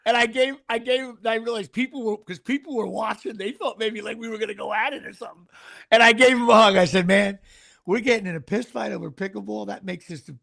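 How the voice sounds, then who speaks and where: A man's voice: sits high, quick pace, gravelly. A middle-aged man hosting a casual chat, telling a story with laughs and acting out what people said. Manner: animated, laughs mid-story, acts out quotes. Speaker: podcast host.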